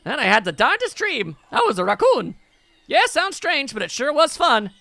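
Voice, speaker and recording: A man's voice: very high voice, wildly swooping pitch, moderate pace, creaky, pushed and bright, no echo, pitched above the performer's own voice, heavily acted. A man voicing a folksy, dazed village man from a video game, with a folksy drawl.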